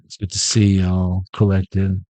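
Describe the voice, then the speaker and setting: A man's voice: sits low, monotone, unhurried, dark tone, no room sound. A man hosting a casual tarot reading vlog, full of playful jokes and asides. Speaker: tarot reader.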